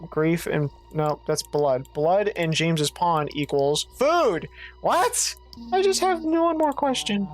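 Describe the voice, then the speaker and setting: A woman streamer giving let's play commentary, thinking out loud, swearing freely and reading game text aloud, with faint game music behind. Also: lowish voice. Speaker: gaming streamer.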